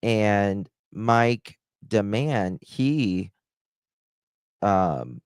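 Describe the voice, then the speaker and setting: Man, live-stream host, slow unhurried talk, dry close sound. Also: fairly low pitch, animated, smooth, no echo. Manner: rambling, hesitant, affectionate toward chat. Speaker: livestream host. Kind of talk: casual live-stream chat.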